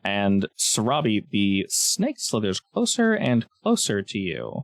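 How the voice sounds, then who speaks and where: A man's voice: fairly low pitch, huge pitch swings, takes it slowly, creaky, no room sound, clean studio sound. A man narrating a tabletop game as game master, in a chatty way with frequent restarts.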